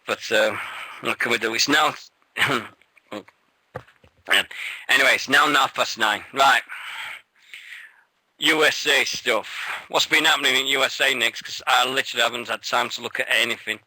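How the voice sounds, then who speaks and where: A man co-hosting a radio show, rambling and excitable, swearing freely and sounding shaky with nerves. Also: mid-range voice, normal speed, long pauses, no room sound, poor audio. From England. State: nervous, shaky. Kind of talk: casual radio chat.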